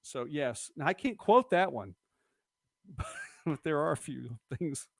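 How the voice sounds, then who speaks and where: A man's voice: on the high side, big pitch swings, slow, vocal fry, no echo. A middle-aged man hosting a casual live-stream, chatting and rambling as he reads viewer comments aloud. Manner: chatty, rambling, quotes movie lines. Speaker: host of a local live-stream show.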